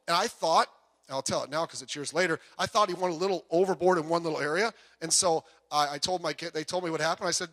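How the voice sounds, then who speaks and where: A man's voice: on the high side, fairly bright tone. A man preaching a sermon in a church, talking conversationally with frequent asides and personal stories. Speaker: pastor. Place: church sanctuary. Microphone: PA microphone heard through speakers.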